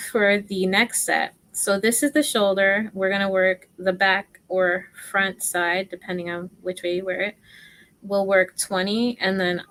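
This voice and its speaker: On a casual crochet livestream, a woman with a medium-pitched, fairly bright voice teaches slowly and chattily, poking fun at herself. She often drops to a murmur to count stitches, and the recording is rough.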